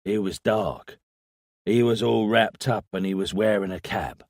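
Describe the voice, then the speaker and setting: A man's voice: on the low side, unhurried, no echo, clean studio sound. A man voicing a crude, smug small-time crook who tells police his story hesitantly and bargains for a deal. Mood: sullen. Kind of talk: audiobook character voice.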